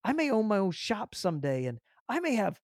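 A man hosts a podcast and tells stories, acting out the lines of the people in them. His voice sits a little high, and the sound is close and dry. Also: fairly quick, no echo. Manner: animated storyteller, acts out dialogue, repeats words. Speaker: podcast host. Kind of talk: casual storytelling interview.

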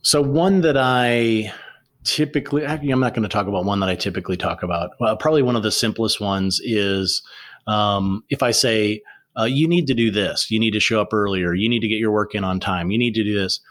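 Animated storytelling man, lowish voice. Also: a little fast. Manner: animated storyteller, many restarts. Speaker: author and guest. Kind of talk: conversational interview.

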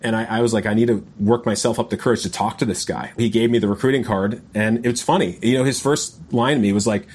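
A man's voice: mid-range voice, brisk, a little mellow. A man telling a long personal story in a casual podcast chat, rambling and often saying "man" and "you know". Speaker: guest.

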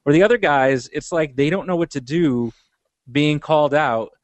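A man's voice: fairly high pitch, moderate pace, no echo. A man co-hosting a casual podcast, chatty and wry as he describes people's reactions in detail. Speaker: podcast co-host.

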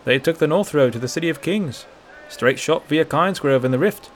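A man's voice: fairly high pitch, brisk, pitched above the performer's own voice, close to an everyday voice. A man voicing a sneering, brutish guard. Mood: grudging. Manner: sneering, gruff.

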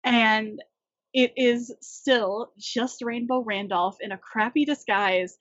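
Husky-voiced woman recapping a movie. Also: a little high, takes it slowly, dry recording. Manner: animated storyteller, recaps scenes in detail. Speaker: podcast co-host. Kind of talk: casual movie discussion. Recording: dull lo-fi audio.

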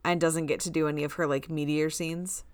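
A woman co-hosting a podcast tells stories in casual chat, animatedly acting out the lines she quotes. Her voice is low-pitched and smooth, a little fast, with no echo.

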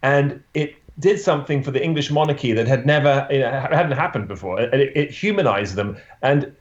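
Guy photographer chatting in an interview, lots of you knows and restarts, bit muffled and roomy. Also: mid-range voice. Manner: halting, many restarts and "you know" fillers. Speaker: portrait photographer. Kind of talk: storytelling in an interview.

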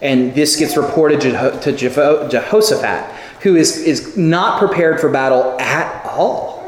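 A man preaching a sermon, telling stories with lively acted-out quotes. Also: fairly high pitch, unhurried. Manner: animated storytelling with acted quotes. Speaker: pastor. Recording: echoey hall with long reverb.

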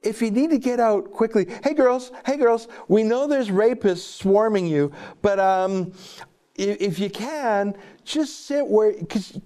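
A man's voice: high-pitched, unhurried, dark tone, voice pushed up. A man voicing a patronizing official who gives safety tips to young women in a mocking, sing-song tone.

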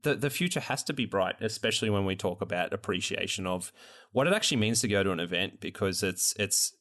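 A man's voice: low-pitched, animated, quick pace, fairly bright tone. A man hosting a casual podcast chat, rambling with frequent restarts and fillers. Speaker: podcast host.

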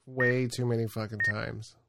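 A man's voice: mid-range voice, flat delivery, moderate pace, creaky. A man co-hosting a podcast in casual chat, brash and profane with mock-aggressive banter. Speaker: podcast co-host.

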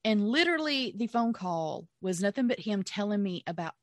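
A woman's voice: mid-range voice, normal speed, dry recording. A woman, co-hosting a podcast and telling a story in casual chat, laughing often and acting out what she and others said. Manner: animated, laughing storyteller who acts out her own quotes. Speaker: podcast co-host.

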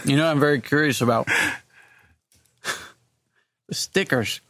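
A man's voice: fairly high pitch, measured pace, a bit bright, no echo. A man co-hosting a podcast in casual chat, playful and teasing. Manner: playful, teasing, talks while eating. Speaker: podcast co-host.

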